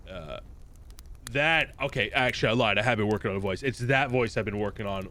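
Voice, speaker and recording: A man's voice: on the low side, a little fast, sharp tone, slight background noise. A man acting as game master, chatting casually on a podcast; he argues freely, swears, and laughs often.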